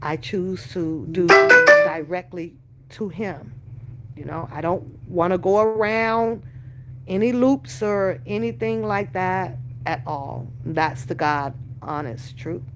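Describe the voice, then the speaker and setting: A woman's voice: lowish voice, slight background noise. A woman hosting a reaction channel, chatting casually with her live viewers, swearing freely and talking in slang. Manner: animated, swearing, slangy, talks to chat directly. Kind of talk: casual live-stream chat.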